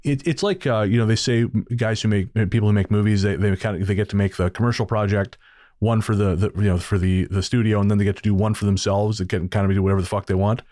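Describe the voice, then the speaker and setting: A man's voice: fairly low pitch, fairly even intonation, quick pace, darkish tone, no room sound, clean studio sound. A man co-hosting a podcast in casual chat, wry and joking, swearing casually. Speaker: podcast co-host.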